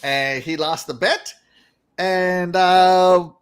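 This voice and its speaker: Male podcast host, casual chat, high voice, slow giggly delivery. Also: clean tone. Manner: giggly and excitable, laughs through his lines.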